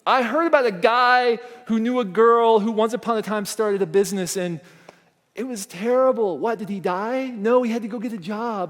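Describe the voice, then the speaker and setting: A man's voice: high voice, brisk. A middle-aged man giving a motivational conference keynote, telling a family story and acting out the voices in it. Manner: animated storytelling, acts out quoted voices. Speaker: conference speaker. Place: conference hall stage. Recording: long reverb of a large hall.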